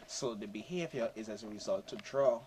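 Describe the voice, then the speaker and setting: A man adding measured points on a panel. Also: lowish voice, darkish tone, slight background noise, poor audio. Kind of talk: panel discussion.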